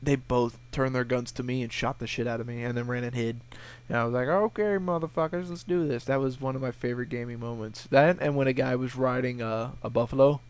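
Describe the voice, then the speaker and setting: A young man chats casually through viewer questions in a vlog. He rambles and curses as he tells his stories. His voice sits at an ordinary middle pitch. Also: flat delivery, fast, smooth. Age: young adult. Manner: profane, rambling storyteller who acts out voices. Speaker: gaming video creator.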